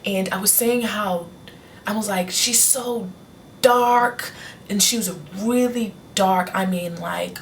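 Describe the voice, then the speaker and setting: A woman's voice: mid-range voice, unhurried, vocal fry, far from the mic, slight background noise. A young woman vlogger chatting casually to her camera, candid and rambling, often restarting her sentences. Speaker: beauty vlogger. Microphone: on-camera mic.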